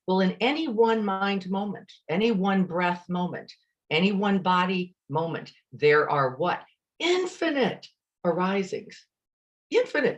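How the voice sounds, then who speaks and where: A woman teaching open awareness meditation in a lively, energized way, often asking the listener rhetorical questions, over a video call. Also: low voice. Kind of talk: meditation dharma talk.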